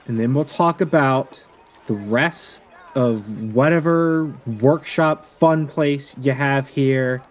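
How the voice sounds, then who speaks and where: A man's voice: mid-range voice, close to an everyday voice. A man voicing a weary, short-tempered male wasteland negotiator who swears heavily, in a tabletop game. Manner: exasperated, heavy swearing.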